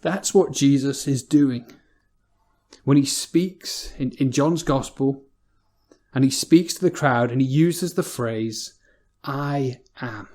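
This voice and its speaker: An English preacher delivers a sermon in a church in an easy, conversational way. His voice is mellow and warm and sits in a middle pitch, and he often repeats a word before moving on. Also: takes it slowly. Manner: conversational, repeats words as he goes.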